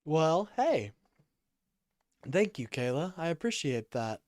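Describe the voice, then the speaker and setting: A man's voice: on the high side, sing-song, slow, darkish tone, no room sound. A sleepy, yawning man hosting a casual call-in livestream, rambling and apologizing as he talks to chat.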